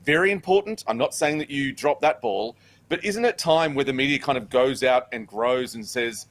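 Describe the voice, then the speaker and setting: A man's voice: mid-range voice, normal speed, a bit bright. A man on a talk show panel, making an earnest argument in casual chat. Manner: earnest, builds an argument with filler restarts.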